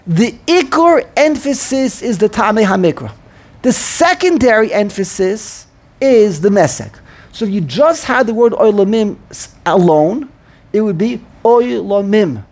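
A man with a husky, breathy voice teaches a student in an informal lesson. He talks with animation, restarting and repeating words as he goes, then slows right down to sound out each word carefully. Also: sits high, lively intonation, a little mellow. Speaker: teacher of prayer pronunciation.

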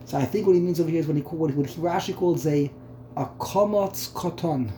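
The speaker is a man teaching Torah text study, his fairly high, dark voice moving a little fast. He repeats words and thinks aloud through the terms, and the recording has room echo and a faint hum.

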